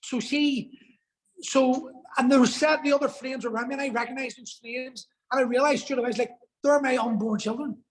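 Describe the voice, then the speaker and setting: A man's voice: very high voice, steady tone, a little fast, low-quality recording. A man telling a personal story as a podcast guest, earnest and emotional, swearing for emphasis.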